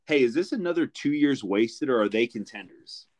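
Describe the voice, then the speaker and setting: A man's voice: mid-range voice, expressive, moderate pace, a little mellow, no echo. A young man hosting a podcast in a laid-back casual chat, calling people "dude" and "brother" a lot. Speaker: podcast host.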